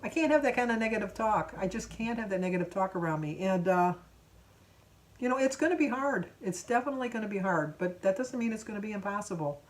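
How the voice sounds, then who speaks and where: A woman's voice: mid-range voice, lively intonation, quick pace. A woman in her seventies telling a rambling, chatty story in a casual vlog, full of fillers and restarts. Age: 70s. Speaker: vlogger.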